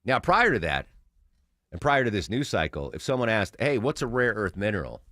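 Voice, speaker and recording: A man's voice: on the low side, a little fast, dry recording. A man hosting a talk radio show, joking around in casual banter on a studio mic. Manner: joking, animated, riffs and does silly voices. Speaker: radio host.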